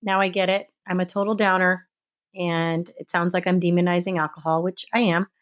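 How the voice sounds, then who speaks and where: A woman speaks earnestly on her solo podcast, in a voice that sits a little low for a woman. She sounds impassioned but stays conversational, as if talking straight to her listeners. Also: level tone, a little fast. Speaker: podcast host.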